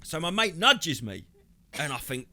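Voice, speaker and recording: Man, podcast co-host, bright lively storyteller, swears a lot. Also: fairly high pitch, unhurried. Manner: animated, swearing, acts out quoted voices. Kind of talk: casual comedic storytelling.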